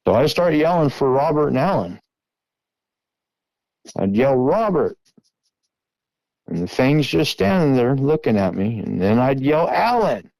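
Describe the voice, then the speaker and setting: A middle-aged man earnestly retelling a tense encounter in the first person, now and then shouting out the calls he made. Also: medium pitch, animated, normal speed, creaky, long pauses, no room sound, low-quality recording. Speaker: guest recounting an encounter.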